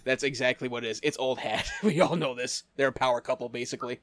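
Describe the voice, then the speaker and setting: A man's voice: medium pitch, steady tone, fast talker, a bit bright, no room sound. Guy cohosting a podcast, stammers a bunch, laughs lots, dry close sound. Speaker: podcast co-host. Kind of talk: casual chat.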